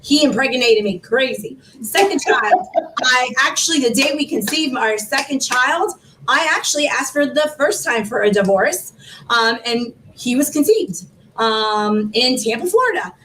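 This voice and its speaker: A woman in her forties, a guest telling her personal story with animated laughter and emotion. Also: a little slow, distant mic, slight background noise, rough recording. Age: 40s. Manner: animated, laughing, rising into high exclaims. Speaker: guest, foundation founder.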